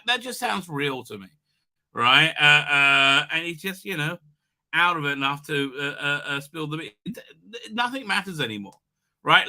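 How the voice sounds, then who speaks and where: A man with a croaky voice from being sick, hosting a rambling casual livestream. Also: on the high side, sharp tone. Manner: rambling, many restarts and fillers. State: hoarse from illness. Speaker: livestream host.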